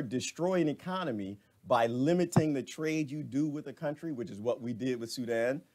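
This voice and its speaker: A man's voice: fairly high pitch, a little mellow. A man hosting a live stream, giving jokey, rambling commentary and laughing at himself. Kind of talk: animated off-the-cuff commentary.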